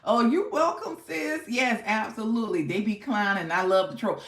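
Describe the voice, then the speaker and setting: A woman's voice: on the high side, lively intonation, moderate pace, reverberant. A woman hosting a casual live stream, chatting playfully with viewers and laughing often. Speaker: livestream host.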